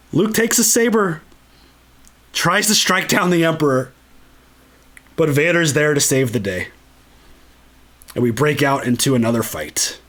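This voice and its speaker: A man hosting a solo podcast, talking casually and excitedly, swearing a lot and acting out lines from movies. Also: fairly high pitch. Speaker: podcast host.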